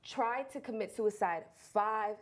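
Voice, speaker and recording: A woman's voice: medium pitch, unhurried. A woman co-hosting a casual panel chat show, talking with enthusiastic emphasis. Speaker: show co-host.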